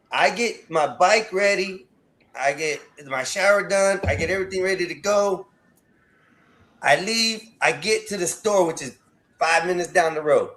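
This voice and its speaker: A man's voice: on the high side, a bit bright. A man hosting a podcast, telling a rambling story in casual chat, stammering and repeating himself as he goes. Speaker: podcast host.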